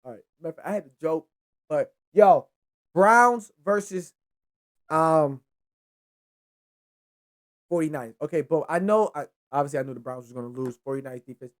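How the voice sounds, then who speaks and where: A young man hosting a casual solo football recap, rambling and excitable, with frequent profanity. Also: a little high, moderate pace, pauses often. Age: young adult. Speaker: sports show host.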